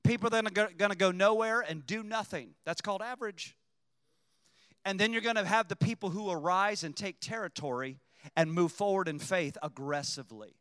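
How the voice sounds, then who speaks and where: A man preaching a sermon as pastor, rising at times to shouted emphasis. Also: high voice, a little fast, clean tone, no echo, big-room sound.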